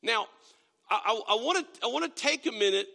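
High, bright-voiced man preaching. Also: lively intonation, vocal fry, in a large hall. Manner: preaching with slow, emphatic scripture reading and repeated restarts. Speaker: pastor. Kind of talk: sermon. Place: church sanctuary.

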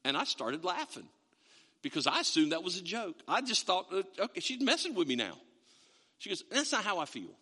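A man preaching a sermon to a congregation, animated and acting out the imagined voices of other people as he talks. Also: high-pitched, a little fast, husky, big-room sound. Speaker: pastor.

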